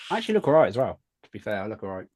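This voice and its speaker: A man chatting casually with friends on a stream. He talks quickly, and his pitch rises and falls a lot. His humour is dry and self-deprecating. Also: very animated, darkish tone, dry recording. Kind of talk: casual chat.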